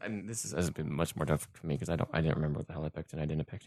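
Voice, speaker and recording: A man's voice: a bass voice, very fast, darkish tone, a little hiss or hum. A man hosting a casual sports podcast, loose and joking, with many restarts. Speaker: podcast host. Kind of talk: casual chat.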